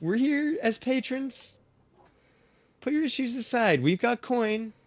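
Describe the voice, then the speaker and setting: A man putting on a high, loud, genial heroine. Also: lively intonation, slow, no echo, full character voice. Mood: placating. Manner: loud, overly friendly, talking over others. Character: genial, awkward adventurer woman.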